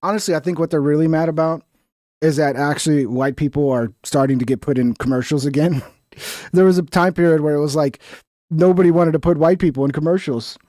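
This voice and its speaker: A man's voice: fairly high pitch, brisk, dark tone, dry recording, clean studio sound. A man hosting a casual reaction stream, talking in a crude, rambling, profane way.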